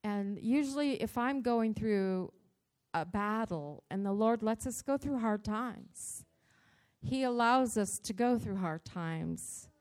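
A woman giving a devotional church talk, telling a personal story in an animated, dramatic way, with her voice jumping up in pitch and loudness. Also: slow. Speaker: church speaker.

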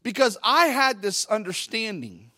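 A middle-aged male pastor preaching a Pentecostal sermon into a microphone in a church, talking conversationally and then swelling into loud, fervent bursts. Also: sits high, sing-song, unhurried, no room sound, clean studio sound. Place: church sanctuary. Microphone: handheld microphone at the pulpit.

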